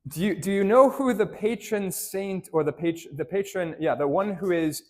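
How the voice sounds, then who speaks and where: A man's voice: high-pitched, moderate pace. A male priest giving a homily in church, telling stories in a conversational way and often checking in with "right?". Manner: conversational storytelling, frequent "right?" tag questions; addresses children directly with simple questions. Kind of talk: homily to a parish congregation.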